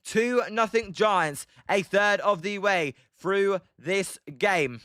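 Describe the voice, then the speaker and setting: A man's voice: sits high, takes it slowly, few pauses, pushed and bright, smooth, no room sound, studio quality. A young British man giving casual play-by-play of a baseball game on a livestream, rambling with frequent ums and answering chat by name.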